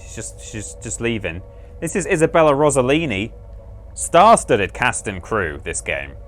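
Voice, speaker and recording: A livestream host with a medium-pitched, sing-song, slightly bright voice plays through a game at normal speed. He chats amusedly in casual commentary, rambling and correcting himself, with faint game music in the background.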